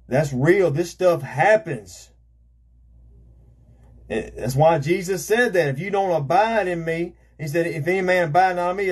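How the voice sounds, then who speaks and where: A man's voice: on the high side, husky. A man preaching a fervent sermon as an evangelist, repeating himself and calling out amen and praise God.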